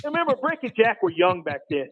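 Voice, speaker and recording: Man doing a folksy older team owner, high voice, rambling, deadpan, phone-line sound. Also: fairly quick. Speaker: caller.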